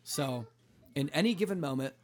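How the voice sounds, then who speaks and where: A man's voice: on the high side, normal speed, background noise. A man in his thirties, a pastor hosting a podcast, talking in a casual chat with lots of fillers. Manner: relaxed, talkative, lots of "like" fillers.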